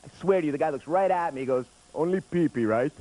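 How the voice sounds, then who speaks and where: On a late-night TV stage before a studio audience, a comedian in his thirties delivers a chatty routine, acting out what others say. His voice runs on the high side with a dark tone and a very fast pace, and the recording is noisy 1990s TV broadcast audio.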